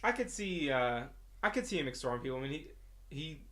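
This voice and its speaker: A man's voice: on the high side, expressive, fairly quick, a bit bright. A man co-hosting a podcast, talking in wry, meandering casual chat with frequent restarts. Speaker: podcast co-host.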